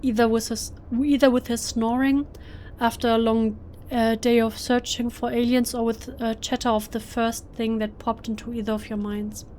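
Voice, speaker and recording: A German-native woman reads horror game narration aloud, hushed and emotional, often stumbling and restarting mid-word. Her voice sits fairly high but moves little in pitch. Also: level tone, normal speed, a little hiss or hum. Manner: emotional, hushed, with self-corrections. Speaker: let's play gamer. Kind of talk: reading game text aloud.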